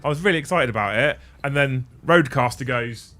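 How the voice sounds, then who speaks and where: Male streamer, casual, sweary, mid-pitched voice, faint music behind. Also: a little fast, sharp tone. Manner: chatty, swears freely, self-mocking. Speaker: livestream host. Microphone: studio mic on a desk mixer.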